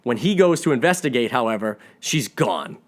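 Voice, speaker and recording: A man's voice: medium pitch, sing-song, normal speed. A man giving a casual, rambling spoiler recap of a movie he reviews, talking enthusiastically with frequent restarts.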